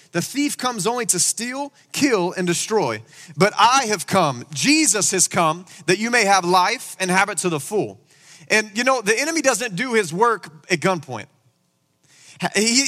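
A man preaching a sermon in a church, animated and full of rhetorical questions. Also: high-pitched. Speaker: pastor. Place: church sanctuary. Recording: long hall reverb.

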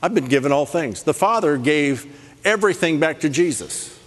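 A man preaching a sermon in a lively, playful way, rattling off scripture references. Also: a little high, normal speed. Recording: long hall reverb.

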